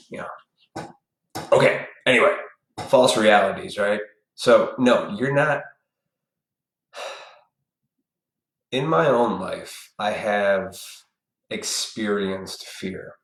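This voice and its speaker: A man's voice: on the low side, fairly bright tone. A man hosting a casual live stream, ranting bluntly and with profanity straight at his viewers in a preachy tone. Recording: echoey room.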